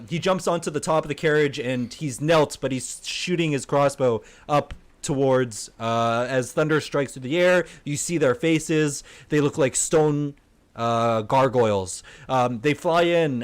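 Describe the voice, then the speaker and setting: A man narrating a tabletop game as game master, halting often with uh and um as he describes the scene. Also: medium pitch. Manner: halting, full of uh and um fillers.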